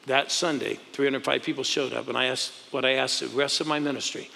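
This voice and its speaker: A male pastor telling stories in an exclamatory, emphatic way, with loud outbursts to the crowd. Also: medium pitch, fairly even intonation, brisk, vocal fry, slight background noise. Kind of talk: animated storytelling testimony. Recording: long hall reverb.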